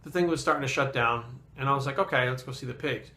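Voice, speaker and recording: Swearing, bright-voiced fitness trainer. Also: male voice, medium pitch, fast. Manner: swears constantly, blunt and animated. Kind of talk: casual vlog storytelling.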